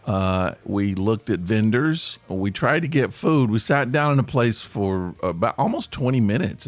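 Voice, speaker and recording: A man's voice: lowish voice, no echo. A man from Tennessee with an East Tennessee Appalachian accent, hosting a podcast as a chatty, rambling monologue in the manner of a storyteller. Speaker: podcast host.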